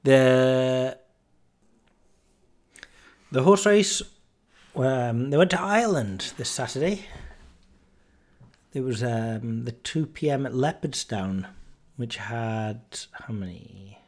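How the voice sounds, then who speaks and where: A man's voice: mid-range voice, animated, slow, long pauses. A man in his forties hosting a podcast, telling a story about a night out in a casual, self-mocking way. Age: 40s. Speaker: podcast host.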